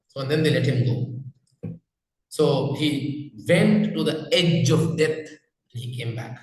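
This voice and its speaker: A man, a spiritual teacher telling a story in a relaxed, conversational way with many fillers. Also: medium pitch, slow. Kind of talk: storytelling talk. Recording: very echoey room.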